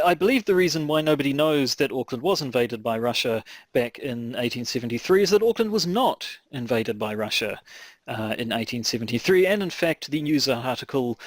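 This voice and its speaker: A man's voice: mid-range voice, dry recording. A man co-hosting a podcast, thinking aloud with lots of ums and restarts. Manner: hesitant, rambling with many fillers. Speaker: podcast co-host. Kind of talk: casual chat.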